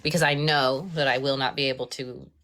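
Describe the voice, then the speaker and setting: Low-voiced woman audiobook narrator chatting. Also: fairly even intonation, brisk, a bit bright. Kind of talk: casual live-stream chat.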